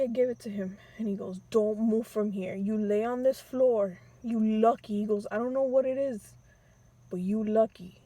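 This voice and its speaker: A young woman casually telling a personal story with slang, sometimes re-enacting pleas in a high, teary voice. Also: warm tone, dry recording.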